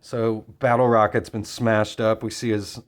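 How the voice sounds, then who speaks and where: A man's voice: fairly low pitch, a little slow. Laid-back man reviewing a comic. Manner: relaxed, hesitant with fillers. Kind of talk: casual review talk.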